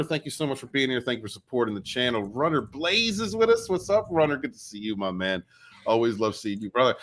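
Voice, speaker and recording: A man hosting a casual livestream interview, his voice at an ordinary pitch for a man. He talks in a jokey, excitable way and reads out names from the chat. His delivery is loose and conversational. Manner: greets chat members by name, jokey and excitable. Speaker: interview show host.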